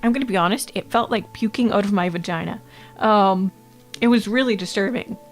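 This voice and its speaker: Casting note: young adult woman from Canada, streamer voice, blunt and quick to laugh, faint music behind. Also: medium pitch. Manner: blunt, swears freely, laughs often. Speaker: VTuber streamer. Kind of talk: casual stream chat and storytelling.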